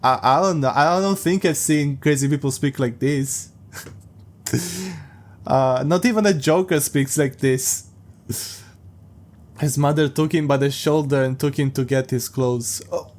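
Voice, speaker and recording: A man hosting a podcast, reading a story aloud and breaking off for amused, sarcastic commentary. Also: fairly high pitch. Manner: amused, sarcastic asides, laughs often. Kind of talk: casual reading with mocking commentary.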